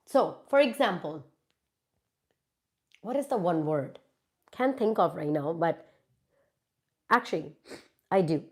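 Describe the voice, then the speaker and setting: A woman's voice: fairly low pitch, animated, slow pace, pauses often. A woman with an Indian English accent hosting a casual live Q&A, answering viewer questions in an emphatic way and repeating words for stress.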